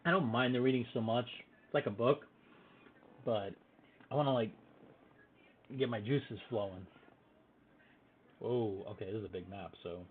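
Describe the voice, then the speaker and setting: Low-voiced man on a tinny line. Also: husky. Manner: casual, halting reading with restarts. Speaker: gaming channel host. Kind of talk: let's-play commentary, reading game text. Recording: tinny phone-like audio with faint hiss.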